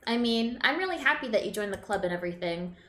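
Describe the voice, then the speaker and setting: A woman's voice: fairly high pitch, expressive, fast, fairly bright tone. A woman reading aloud the lines of a cheerful teenage girl who runs a club. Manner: read aloud from on-screen dialogue. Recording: echoey room with game music.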